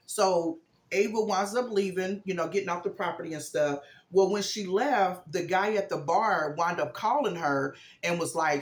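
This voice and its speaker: A man's voice: high voice, moderate pace, reverberant. A man vlogging a casual, rambling retelling of a movie plot, chatting like a storyteller.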